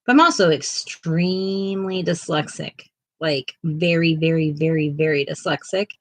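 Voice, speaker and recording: A woman's voice: low-pitched, moderate pace, no echo, poor audio. A woman co-hosting a casual art livestream, chatting in a self-deprecating way and laughing often, and now and then cooing to her pet. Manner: cooing baby talk to a pet.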